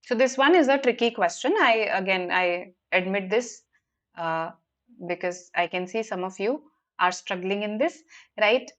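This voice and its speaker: This exam prep teacher, a woman with an Indian English accent, leads a live online vocabulary session at a somewhat slow pace. Her voice is mid-range and a bit bright, and she patiently explains while regularly checking in with the class.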